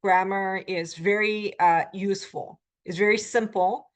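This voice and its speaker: A woman teaching a beginner language lecture, explaining step by step, with frequent filler pauses while she models short phrases. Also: medium pitch, steady tone. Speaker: Korean language instructor.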